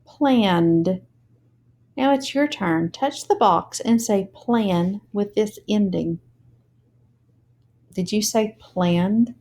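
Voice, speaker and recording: A woman teaching a phonics lesson, speaking slowly and deliberately and spelling words out letter by letter. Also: mid-range voice, warm tone.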